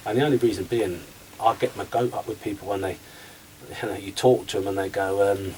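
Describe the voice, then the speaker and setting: A former footballer talks as a radio guest, his low voice set a little back from the mic. He tells lively stories and acts out both sides of old conversations. Faint hiss runs under the recording. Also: brisk, distant mic, poor audio. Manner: animated storyteller, acts out conversations. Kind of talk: radio interview chat.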